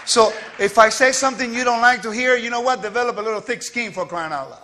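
A man giving a quick, scattered and playful teaching to a congregation, joking with the listeners as he goes. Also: very high-pitched, sharp tone, slight background noise. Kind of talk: lively spoken teaching.

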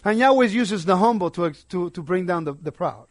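A man preaching a sermon, emphatic, swinging between quiet asides and loud declarations. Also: high-pitched, moderate pace, dry recording, studio quality.

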